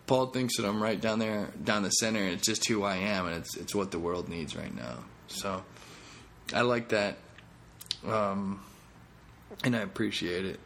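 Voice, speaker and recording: A man's voice: fairly low pitch, expressive, normal speed, creaky, fairly bright tone, a little hiss or hum. A comedian hosting his own podcast, talking in a rambling, jokey, self-deprecating way. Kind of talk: casual podcast monologue.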